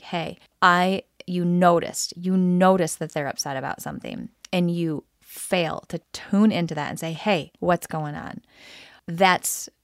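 A woman's voice: lowish voice, dry recording, studio quality. A woman co-hosting a podcast, talking frankly and emphatically with her partner, often repeating phrases for stress. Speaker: podcast co-host. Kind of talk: candid couple conversation.

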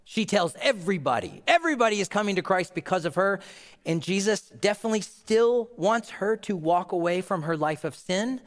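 A man's voice: high voice, lively intonation, moderate pace, long reverb tail. A man, a pastor, preaching an earnest, emphatic sermon in a church and closing with a prayer.

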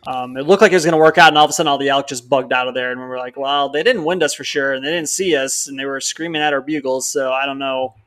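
A man's voice: medium pitch, fast talker, hardly any pauses. A young man from Wisconsin, co-hosting a podcast, rambling through a hunting story and acting out what others said. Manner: rambling storyteller, animated, quotes others in dialogue. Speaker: podcast co-host.

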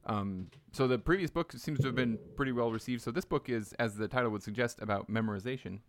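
A man's voice: mid-range voice, quick pace, slight background noise. A man hosting a podcast in casual chat, thinking aloud and often restarting his sentences. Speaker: podcast host.

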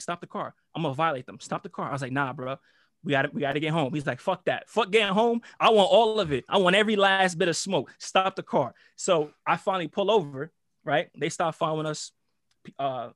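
A young man telling a story in casual podcast talk, slangy and animated, acting out what others said. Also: dry recording, studio quality. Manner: animated, slangy, acts out quotes with shifting pitch. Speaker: storyteller guest.

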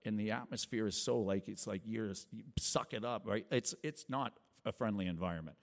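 Earnest gravelly man preaching in a church hall. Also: a little fast. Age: 40s. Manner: rambling, earnest, with many restarts and acted quotes that rise high. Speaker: lay preacher sharing testimony. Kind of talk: testimony sermon to a congregation. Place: small church.

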